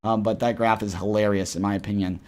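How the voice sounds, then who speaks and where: A man giving casual, rambling chart commentary on a live stream. He keeps repeating "right?" and "guys", and his voice swings between loud and soft. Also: on the low side, steady tone, fast. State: tired after a flight. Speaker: crypto trading streamer.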